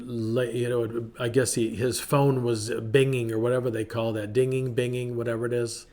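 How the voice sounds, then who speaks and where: A middle-aged man hosting a devotional podcast, chatting casually and acting out quotes with lively shifts in his voice. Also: medium pitch, creaky. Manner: chatty and animated, acts out quotes in varied voices. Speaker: ministry podcast host.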